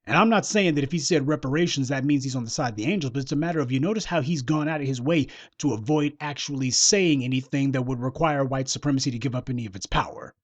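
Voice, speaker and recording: A man's voice: medium pitch, quick pace, few pauses, no echo, dull audio. A man giving a solo political commentary monologue, scornful and mocking, lecturing his listeners.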